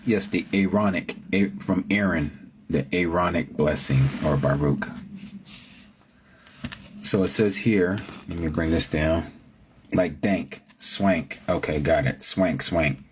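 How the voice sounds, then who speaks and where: Reading scripture aloud between replies to his viewers, this livestream host speaks slowly in a low-pitched voice, with slight background noise behind him. His talk is casual, and he lingers over the pronunciation of words.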